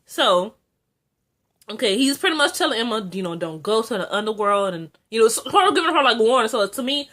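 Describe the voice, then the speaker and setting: A young woman recapping a TV episode in a casual vlog, chatty and excitable, full of fillers and asides. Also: a little fast. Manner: chatty and excitable, frequent "like" and filler, jumps high when excited. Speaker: TV episode reviewer.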